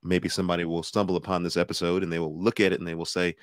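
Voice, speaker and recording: Low-voiced male podcast host, deliberate questions, dry close sound. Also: level tone, no room sound. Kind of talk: interview questions.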